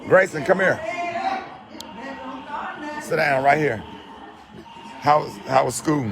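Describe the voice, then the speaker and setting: A middle-aged man filming a casual home video, teasing a child with quick-fire questions. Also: fairly high pitch, gravelly, a crowd in the background. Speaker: radio host filming at home with grandchildren. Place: home, indoors.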